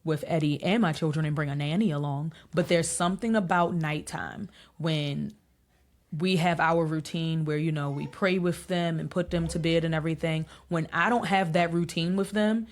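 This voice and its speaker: A woman in her thirties, a podcast guest telling family stories in a casual, animated way and laughing often. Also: low-pitched, moderate pace. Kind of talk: casual interview chat.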